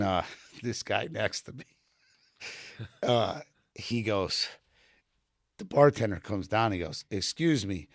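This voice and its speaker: A middle-aged man, retired from the Army as a sergeant, tells rambling stories in a lowish voice, quoting people and using plenty of fillers during a casual podcast conversation. The podcast studio room audio is dry and clean.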